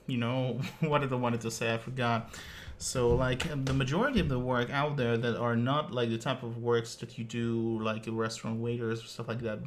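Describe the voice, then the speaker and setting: A man's voice: mid-range voice, a bit bright. Brief: male streamer, mid-range voice, casual rambling storyteller. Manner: rambling, with frequent filler words and swearing.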